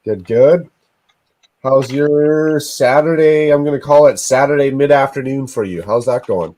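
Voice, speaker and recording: A man's voice: mid-range voice, measured pace, dark tone, poor audio. A man hosting a casual livestream, scolding himself with groans and frequent swearing. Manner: self-reproaching, groaning, swears often. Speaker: livestream host.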